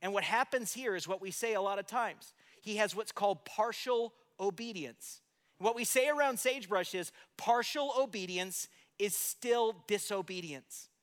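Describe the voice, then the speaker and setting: High-voiced man preaching a sermon. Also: moderate pace, a bit bright, big-room sound. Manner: conversational storytelling with rhetorical questions. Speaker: pastor.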